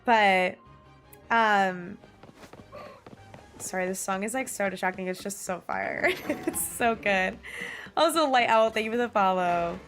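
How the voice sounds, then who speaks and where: A young woman in her twenties streaming, chatting casually with viewers in a bubbly, giggly way, her pitch jumping up often. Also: measured pace, pauses often, fairly bright tone. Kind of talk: casual livestream chat reading viewer messages. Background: faint music.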